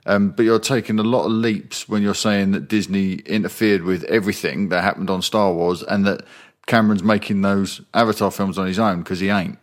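A man co-hosting a podcast, measured and dryly sarcastic in a film debate. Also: deep voice, fairly even intonation. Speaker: podcast co-host.

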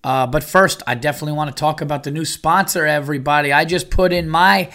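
Bright-voiced man hosting a podcast. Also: a little high, fairly even intonation, fast. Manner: loose, profane, rambling with many fillers. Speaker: podcast host. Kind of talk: casual solo podcast chat.

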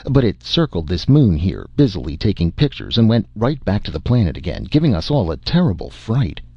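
A man's voice: sits low, very animated, brisk, husky, dry recording, lo-fi sound, heavily acted. A man voicing a gloomy, exasperated alien base commander who overstates everything. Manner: despairing, exasperated.

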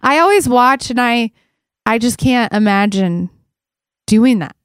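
A woman co-hosting a podcast in a studio, playful, with quick reactions. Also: a little high, lively intonation, clear, resonant tone, no room sound. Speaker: podcast co-host. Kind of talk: casual podcast interview.

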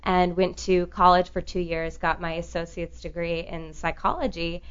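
A woman's voice: fairly low pitch, steady tone, normal speed, smooth. Playful young woman guest from Chicago. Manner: playful and giggly. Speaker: radio guest. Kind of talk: casual radio chat. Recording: dull lo-fi studio audio.

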